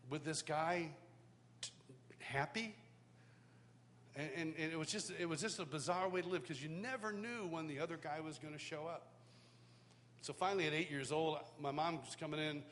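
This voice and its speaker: Speaking at a moderate pace with long pauses, this worship teacher from the United States has a high-ish, slightly bright voice. He shares a personal testimony at a live worship school in a large hall, telling it like a casual story with frequent restarts. The audio has a long hall reverb and faint hum.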